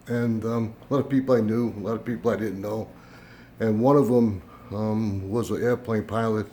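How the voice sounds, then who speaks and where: An older man with a fairly low voice talks to his camera at home, rambling through a story with plenty of "uh"s and "um"s. He acts out both sides of a conversation, and a faint hum sits under the recording. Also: moderate pace. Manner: meandering storytelling with fillers, voice rising into animated retelling. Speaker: YouTube channel host. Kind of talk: casual rambling monologue to camera.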